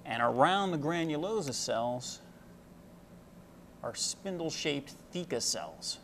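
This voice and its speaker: A young man, a medical student, giving a casual explanatory lecture full of homely analogies and frequent pauses with "uh". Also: on the high side, animated, fairly bright tone, slight background noise.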